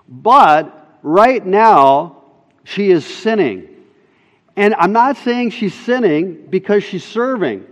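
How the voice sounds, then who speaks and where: A man's voice: high voice, expressive, slow, dull audio. A man preaching a sermon as pastor, emphatic, repeating his key lines for emphasis. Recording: long reverb of a large hall.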